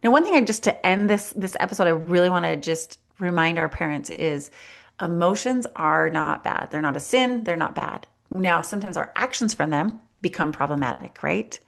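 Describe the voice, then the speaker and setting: Animated woman podcast co-host, lowish voice. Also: moderate pace, creaky. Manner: animated, acts out children's voices, repeats for emphasis. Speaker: podcast co-host, life coach. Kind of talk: casual podcast conversation.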